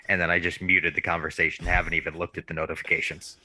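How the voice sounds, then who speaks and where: A man's voice: low voice, steady tone, fast talker, hardly any pauses, sharp tone, no room sound. A man hosting a casual podcast chat in a laid-back, joking manner. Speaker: podcast host.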